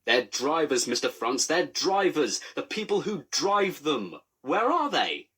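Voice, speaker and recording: A man's voice: on the high side, big pitch swings, a little slow, a bit bright, breathy edge, pitched above the performer's own voice, exaggerated voice. A man voicing a pompous, officious male railway inspector in a fan-made storybook parody, speaking in a raised, spluttering voice. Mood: alarmed.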